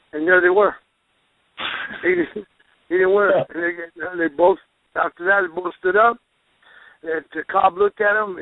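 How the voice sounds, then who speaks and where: A man who is a pro wrestler, a guest telling rambling, animated stories with restarts and folksy exclamations. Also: high voice, dry recording. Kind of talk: storytelling interview. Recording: phone line, dry.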